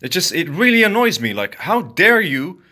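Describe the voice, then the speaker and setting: A man's voice: sits high, sing-song, normal speed, sharp tone. A young man ranting angrily to camera in a heated, profane, repetitive way. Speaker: vlogger. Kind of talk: angry rant to camera.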